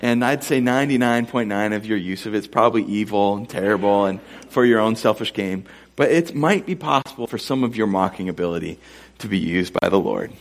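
A man's voice: lowish voice, a little fast. A man preaching a sermon to a live congregation, conversational and joking in his asides. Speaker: pastor. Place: church before a live congregation.

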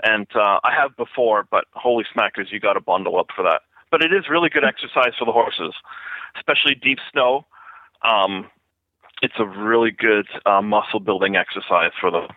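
Man from canada, listener guest, measured, lots of ums, lowish voice, phone-line sound. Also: no echo. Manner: measured, many ums, unhurried. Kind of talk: casual roundtable chat. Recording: tinny phone-line audio.

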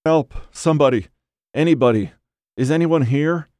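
A man's voice: on the low side, fairly even intonation, normal speed, a little mellow, no room sound, clean studio sound, close to an everyday voice. A man voicing a starving young man lost in the woods for days, talking in frantic, pleading bursts. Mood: panicked.

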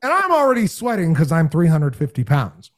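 A man telling a story in casual podcast talk, animated and full of imitated voices. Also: a little high, fairly quick. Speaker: podcast guest, game show host.

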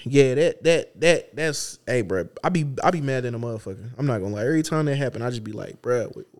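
A man co-hosting a podcast, chatting casually in loose slang, telling animated stories with acted-out quotes. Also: mid-range voice, quick pace. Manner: loose slangy speech with restarts. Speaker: podcast co-host. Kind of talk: casual chat.

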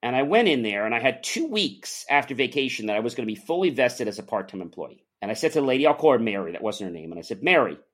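An animated man recounts a personal story as an interview guest, his pitch rising and falling across a wide range. He sits in an ordinary middle pitch and slips into the voices of the people he describes. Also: fast, hardly any pauses.

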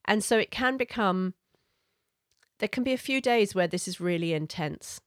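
A woman's voice: mid-range voice, animated, moderate pace, dry recording, studio quality. Earnest woman parenting coach. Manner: earnest, gentle, conversational with small laughs. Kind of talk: parenting advice talk.

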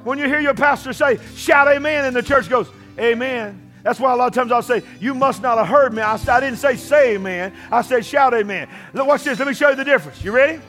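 A male pastor preaching a sermon, often shouting and leading call-and-response with the congregation. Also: extremely high pitch, fast talker, few pauses, faint music behind. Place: church.

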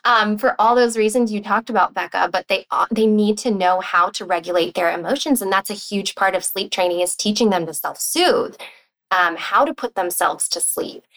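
A woman in a podcast conversation talks as a sleep consultant, her voice sitting in a middle pitch. She speaks in a chatty, reassuring way, with frequent fillers and restarts. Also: moderate pace, a bit bright, rough recording.

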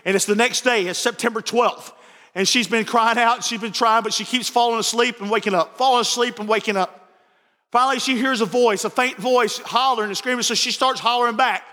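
A man delivers a sermon in a high, ringing voice that carries a sharp brightness. He tells stories and repeats phrases as he builds toward impassioned preaching. The sound rings out through a large, reverberant church hall. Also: steady tone, brisk. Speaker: pastor. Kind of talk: evening sermon storytelling.

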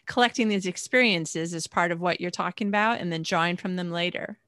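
A woman hosting a podcast tells a story in a chatty, animated way. Her voice is bright and clear, recorded close and dry. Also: fairly low pitch, a little fast, no echo. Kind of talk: casual podcast conversation.

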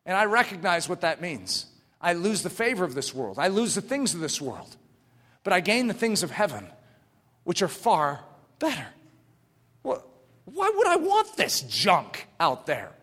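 A man preaches with fervor in a high, ringing, bright voice, climbing to shouts and then sinking to a hushed near-whisper. His sermon carries a long reverb from a church hall. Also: wildly swooping pitch, measured pace. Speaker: pastor.

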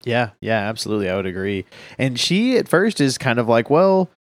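A man's voice: fairly quick, dry recording. Man chatting in a dry, close sound. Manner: animated, acts out characters in higher voices when retelling. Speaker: podcast co-host. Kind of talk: casual chat recapping a manga.

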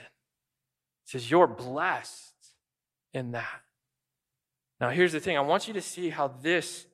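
A man's voice: on the high side, fairly bright tone. A man preaching a sermon, emphatic and direct, acting out quoted voices as he goes. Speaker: pastor.

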